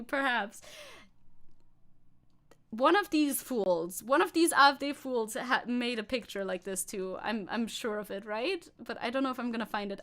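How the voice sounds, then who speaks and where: High-voiced sarcastic German woman streamer. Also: a bit bright. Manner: sarcastic, laughs often, swears freely. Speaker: VTuber streamer. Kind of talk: casual live-stream commentary.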